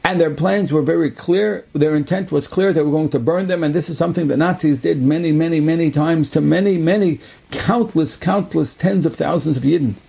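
A man with a husky, gravelly voice tells an inspirational story with earnest conviction. His tone is mellow and dark, and he often repeats phrases for weight. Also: fairly high pitch, fairly quick. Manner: earnest, repetitive emphasis. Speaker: religious storyteller.

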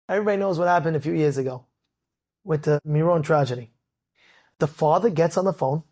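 High-voiced, animated storytelling rabbi. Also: male voice, a little fast, pauses often, slightly rough. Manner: animated and dramatic, acts out the characters, rises to shouts at peaks. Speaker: rabbi telling an inspirational story. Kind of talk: storytelling sermon.

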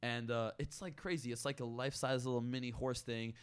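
A man's voice: medium pitch, fairly even intonation, a little fast, clear, resonant tone. A man chatting casually on a podcast, talking loosely with lots of filler words and slang. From Brooklyn. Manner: chatty, says "like" and "bro" a lot.

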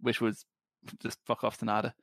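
A man with a light Scottish accent, co-hosting a podcast in casual chat, ranting with plenty of swearing and quick laughs. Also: mid-range voice, completely flat delivery, fairly bright tone, dry recording. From Scotland. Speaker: podcast co-host.

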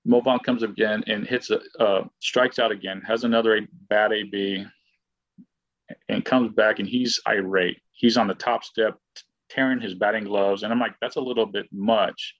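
A man's voice: lowish voice, steady tone, moderate pace, a bit bright, no room sound, muffled recording. A man telling a long personal story in a rambling, casual way, full of fillers and restarts, often acting out what he said and thought at the time. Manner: rambling, filler-heavy, with frequent restarts and acted-out quotes. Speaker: guest, former baseball player.

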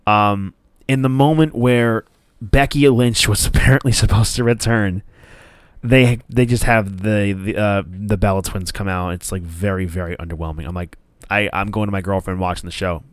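A man's voice: lowish voice, steady tone, normal speed, clean tone, dry recording. A man hosting a podcast, ranting in a casual, profane, rambling way. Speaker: podcast host.

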